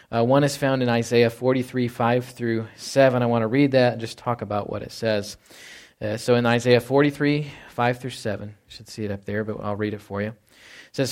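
A man, a pastor, preaching a conversational sermon, reading scripture aloud and asking rhetorical questions. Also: medium pitch.

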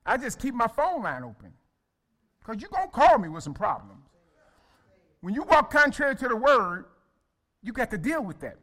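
A male pastor delivering a sermon with a high voice and a bright, forceful tone. He preaches in a folksy, colloquial way and leans on call-and-response, asking the congregation to repeat his words and speaking to listeners by name. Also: very animated, normal speed, long pauses.

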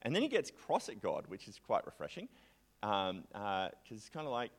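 A man giving a conversational sermon, chatty and animated, sometimes acting out a distressed psalmist's prayers. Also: fairly low pitch, normal speed. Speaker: preacher.

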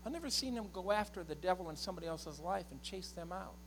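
A middle-aged man preaching a sermon as a pastor, swinging from impassioned shouting to quiet storytelling. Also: high voice, animated, quick pace, background noise.

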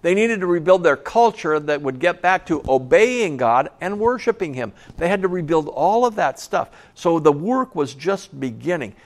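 A man's voice: a little high, very animated, moderate pace, few pauses. A middle-aged male pastor giving a sermon, driving points home by repeating them, with chatty storytelling asides. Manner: emphatic, repeating key phrases.

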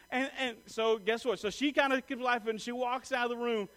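A middle-aged man preaching a sermon, telling a funny personal story in an animated way and joking with the congregation. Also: extremely high pitch, fairly quick. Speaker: pastor.

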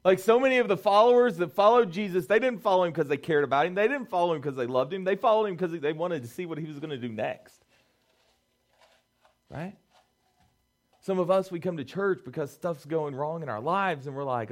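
High-voiced young man preaching. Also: moderate pace. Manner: conversational, animated preaching with rhetorical questions. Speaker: youth pastor. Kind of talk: sermon.

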